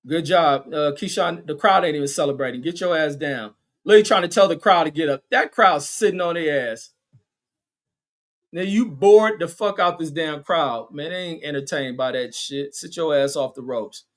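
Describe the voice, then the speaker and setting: A man with a somewhat high voice calls a boxing fight live, cursing freely and mocking the fighters. He keeps stopping to read viewer comments aloud, tripping over repeated "says" and "uh". When a big shot lands he yells and his voice jumps sharply upward. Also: moderate pace. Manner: crude, blunt and mocking, reads chat comments aloud with frequent "says" and "uh" fillers; shouts and jumps high in pitch at big punches and knockdowns. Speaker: livestream boxing commentator reading chat. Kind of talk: casual play-by-play livestream commentary.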